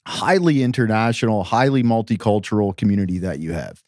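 A man asking measured, thoughtful questions in a conversational interview. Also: lowish voice, lively intonation, darkish tone, no echo, studio quality.

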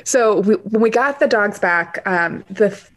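A woman's voice: medium pitch, unhurried, slight background noise. Chatty woman telling a dog story. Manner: chatty, filler-heavy, animated retelling with lots of "like" and "um". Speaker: guest, dog rescuer and children's author. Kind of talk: casual interview storytelling.

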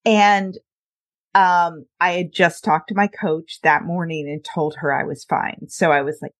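A middle-aged woman with a lowish voice hosts a podcast, speaking in a steady tone at a measured pace. In this casual conversational interview she is candid, shares personal stories, and laughs often.

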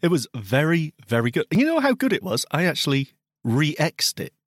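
A man co-hosting a relaxed podcast, poking fun at himself in a playful way. His voice sits a bit high and moves a lot in pitch. The recording is close and dry. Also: normal speed, no room sound. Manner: playful, self-mocking. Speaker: podcast co-host. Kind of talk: casual chat.

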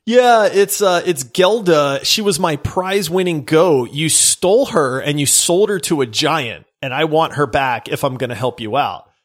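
A man voicing a grudge-holding male farmer, loud, whiny and accusing. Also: a little high, expressive, moderate pace, few pauses. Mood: resentful.

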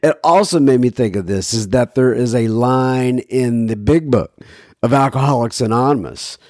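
A man hosting a recovery podcast with a hoarse, sick voice, talking in a rambling, folksy, self-deprecating way. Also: medium pitch, normal speed, darkish tone, no echo, studio quality. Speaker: podcast host. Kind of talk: casual recovery podcast talk.

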